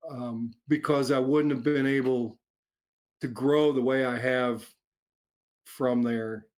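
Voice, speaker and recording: A middle-aged man, an author answering interview questions in a relaxed way, chuckling often and restarting his sentences as he rambles. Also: mid-range voice, slow. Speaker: author guest. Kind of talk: casual interview chat.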